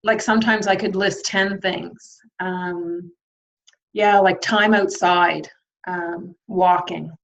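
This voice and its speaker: A woman's voice: fairly low pitch, fairly even intonation, slow pace, vocal fry, fairly bright tone. A woman guest in an interview, speaking reflectively about self-care, with many ums and likes. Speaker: guest, nurse. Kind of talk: conversational interview. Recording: dull lo-fi sound.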